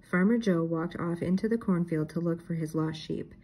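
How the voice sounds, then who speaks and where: An older woman reads a children's chapter book aloud in a steady, even manner. Her voice is low and mellow, with a slightly husky edge. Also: moderate pace, low-quality recording. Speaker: storybook reader.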